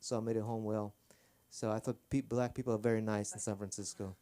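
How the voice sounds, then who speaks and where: A man's voice: fairly low pitch, little pitch movement, brisk, crowd noise. A man performing rambling, self-deprecating stand-up on a comedy club stage. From Armenia.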